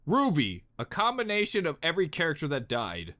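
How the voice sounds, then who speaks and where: A man hosting a reaction video, chatting casually and goofily, jumping between low mutters and excited yells. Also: a little fast. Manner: goofy, exclamatory, jumps between mutters and yells.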